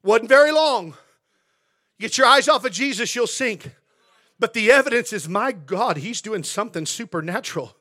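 A male pastor preaching in a church sanctuary, with a very high voice and a bright, forceful edge. He swings from shouted declarations down to near-hushed asides, pressing every line with passion. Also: lively intonation, moderate pace. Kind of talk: sermon.

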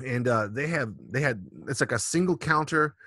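A man's voice: medium pitch, moderate pace, sharp tone, dry recording, clean studio sound. A man in his forties, co-hosting a casual drinking podcast, telling loose, profane stories with a lot of rambling. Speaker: podcast co-host.

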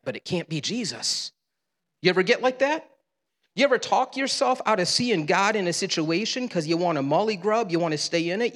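A man's voice: fairly high pitch, fairly bright tone. A male pastor preaching a sermon in a conversational, humorous way in a church sanctuary. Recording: long reverb of a large hall.

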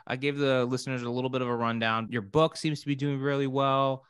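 A man hosting a podcast interview as a wealth manager, talking with energetic, friendly banter. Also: mid-range voice, fairly quick, clear, resonant tone, no room sound.

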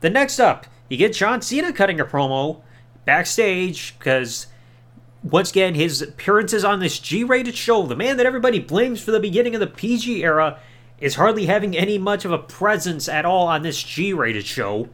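A man's voice: high voice, big pitch swings, moderate pace, a bit bright. A man hosting a podcast, reviewing in a sarcastic, mocking way and swearing casually. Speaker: podcast host.

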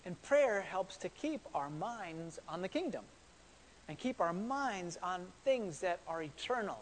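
A man's voice: sits high, big pitch swings, unhurried, long reverb tail, slight background noise. A man preaching a sermon in a conversational way, repeating words as he speaks and asking the congregation questions. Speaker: pastor.

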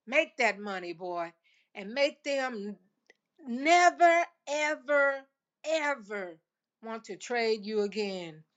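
A woman hosts a solo football podcast in a high, bright-pitched voice. She talks slowly and deliberately, leaning hard on repeated words and exclamations, like a fan preaching to her listeners. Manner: exuberant, emphatic, preachy cheering with repetitions. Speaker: podcast host. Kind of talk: enthusiastic solo sports podcast.

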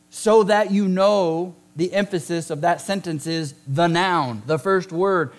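A male pastor with a fairly high voice, preaching in a conversational way and throwing in teasing asides to the congregation. He drags out key words for emphasis and leans hard on the important ones. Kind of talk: sermon.

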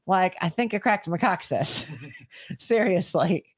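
A woman co-hosting a podcast, telling a story in a casual chat with animated delivery and plenty of swearing. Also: on the low side, slow pace, no echo. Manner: animated storytelling, heavy swearing, shouts when acting out scenes. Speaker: podcast co-host.

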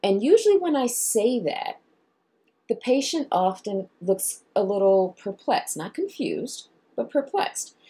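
A woman therapist explaining how she works with clients, acting out both sides of a session in lively voices. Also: mid-range voice, a little slow, breathy edge. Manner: animated, acts out dialogue with clients. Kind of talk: explanatory talk to viewers.

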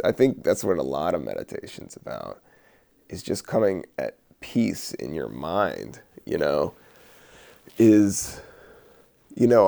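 A man hosting a podcast, rambling in a relaxed, musing way with many fillers while he doodles. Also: low voice, gravelly. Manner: laid-back, slow, musing with many fillers and laughs. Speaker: podcast host.

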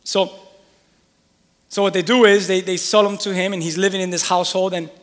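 A male preacher retelling a scripture story in an animated sermon, acting out the scenes as he goes. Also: sits high, fairly quick, big-room sound.

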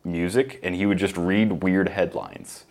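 Brief: low-voiced male co-host, rambling casual chat, full of fillers. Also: a little slow, vocal fry. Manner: rambling, many fillers, lively when mocking. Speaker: podcast co-host.

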